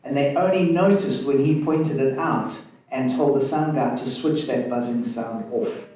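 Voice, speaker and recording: A man on a conference panel talks in a measured, reflective way with a mellow, dark tone. His voice comes from some way off the mic and rings around a very echoey hall. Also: mid-range voice, distant mic. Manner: measured, reflective, speaks of prayer and faith. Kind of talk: panel discussion.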